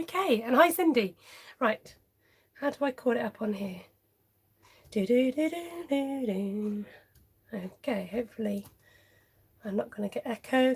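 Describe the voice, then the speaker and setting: A woman's voice: on the high side, slightly rough. A woman hosting a live papercraft tutorial in a friendly, chatty way, greeting viewers by name and laughing often.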